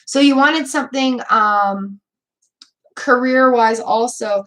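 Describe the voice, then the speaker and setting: A woman's voice: fairly high pitch, slow, fairly bright tone. A woman giving tarot card readings on a live stream, encouraging and chatty, repeating words and using fillers as she goes. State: hiccups. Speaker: tarot reader.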